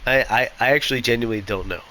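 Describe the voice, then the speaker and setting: A man's voice: mid-range voice, racing, pushed and bright. A man co-hosting a podcast, chatting casually about a book and thinking aloud with restarts. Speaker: podcast co-host. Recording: noisy background hiss.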